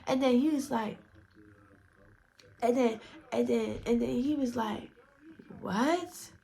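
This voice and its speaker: A woman's voice: on the high side, steady tone, a little slow, gravelly, dark tone. Profane, rambling young woman storyteller. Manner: profane, rambling retelling with frequent restarts. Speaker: storytime vlogger. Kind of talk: casual storytelling.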